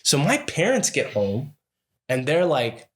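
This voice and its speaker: A man co-hosting a casual podcast, telling a long story in a lively way, acting out the people in it and swearing freely. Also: on the high side, slow, slight background noise. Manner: animated storytelling, acting out what others said, frequent swearing. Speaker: podcast co-host.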